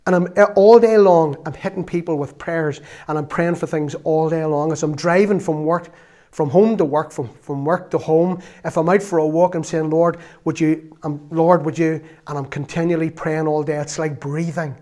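A man's voice: on the high side, fairly even intonation, normal speed. Earnest man preaching. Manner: earnest, storytelling, rises to loud exclamations. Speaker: lay preacher. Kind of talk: sermon.

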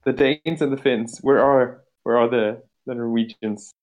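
A man's voice: medium pitch, steady tone, a little slow, darkish tone. A man chatting casually about tabletop wargaming with enthusiasm, often laughing. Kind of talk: casual chat.

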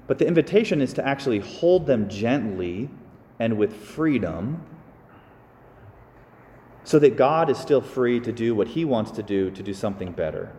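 Male priest, easy conversational sermon, lively asides, middle pitch, reverberant church sound. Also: normal speed. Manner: casual and animated, with sighs and small asides. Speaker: Catholic priest. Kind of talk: conversational homily.

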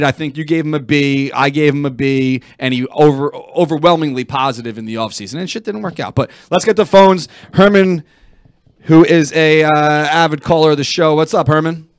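A man hosting a sports talk show, casual and rambling, with halting restarts. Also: a little high, clean tone. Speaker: host.

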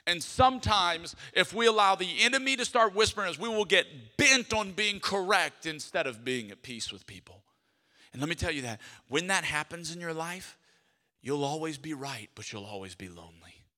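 A man preaching a sermon as a pastor, telling stories with lively, acted-out voices. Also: a little high, normal speed, long reverb tail. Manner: animated storytelling, acts out quoted voices. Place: church sanctuary.

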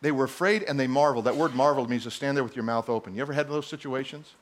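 A middle-aged male pastor preaching a sermon in a church, animated and teasing his congregation. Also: medium pitch, racing.

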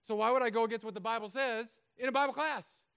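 A man preaching a sermon to a congregation, animated and joking, swinging between loud emphasis and hushed asides. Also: very high voice, quick pace, gravelly, smooth. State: recovering from Achilles surgery. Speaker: pastor.

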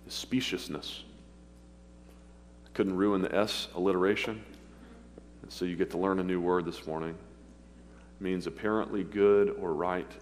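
Deep-voiced preacher in a reverberant church. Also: male voice. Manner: earnest, pleading, with confessional pauses. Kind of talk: sermon. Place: church sanctuary. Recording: long hall reverb, faint hum.

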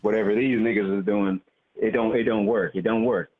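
A man's voice: on the low side, steady tone, a little fast. A male caller from Baltimore in casual call-in chat, talking in a profane, heated, storytelling way. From Baltimore, USA. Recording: lo-fi call with faint noise.

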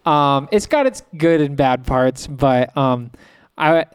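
A man's voice: medium pitch, animated, slow pace, clear, resonant tone, no echo. A man in casual chat about movies, hesitant and full of fillers as he sets up his point.

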